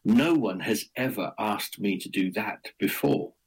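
A man voicing a monstrous male serpent in a told tale, speaking low and gruff, then with wonder. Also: a little slow, low-quality recording.

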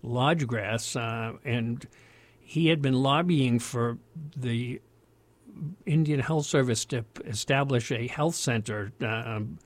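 An older American man recounts memories in a meandering, conversational way, often stopping to restart a thought. His voice sits at an ordinary middle pitch, and the recording is close and dry. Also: slow pace, no room sound. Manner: rambling, many restarts and fillers. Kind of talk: casual spoken storytelling.

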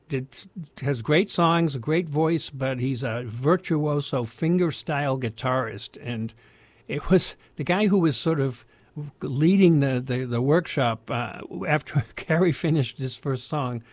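A man's voice: mid-range voice, dry recording. Rambling older man, dry close sound. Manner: rambling, many restarts and fillers. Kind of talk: casual spoken storytelling.

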